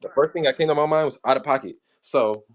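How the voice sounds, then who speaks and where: A man's voice: mid-range voice, fast talker. A young man, a rapper, telling loose, slangy, profane stories in a casual interview about writing his songs. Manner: loose, slangy, swears freely, recounts writing lyrics. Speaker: rapper guest.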